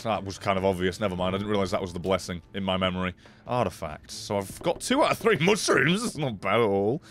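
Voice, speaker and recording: Guy streaming a game, sweary and jumpy, voice goes all over the place, bit of music faint behind. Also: on the low side. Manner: excitable and sweary, swinging between mutters and yelps. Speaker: streamer playing a video game. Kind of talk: casual gameplay commentary.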